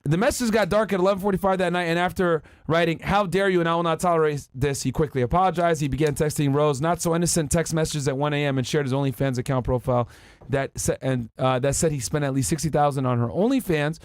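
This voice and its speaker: A man's voice: fairly high pitch, fast, few pauses, no echo, clean studio sound. A man hosting a podcast in casual commentary, crude and mocking as he reads out news and messages. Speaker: podcast host.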